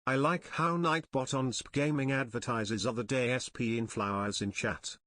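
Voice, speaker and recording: A man's voice: medium pitch, steady tone, moderate pace, fairly bright tone, no room sound. Dismissive man, dry close sound. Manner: dismissive, complaining. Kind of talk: casual reaction chat.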